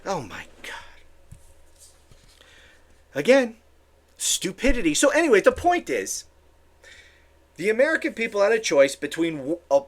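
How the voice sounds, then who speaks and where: A political commentary host ranting alone on camera, sarcastic and exasperated, often stumbling into restarts and repeated words. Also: medium pitch.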